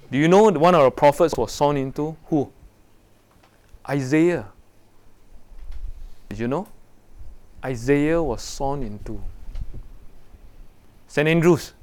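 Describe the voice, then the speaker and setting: A man preaching a sermon to young people, animated and full of rhetorical questions. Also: mid-range voice, clean tone. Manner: animated, rhetorical questions, acts out quoted voices.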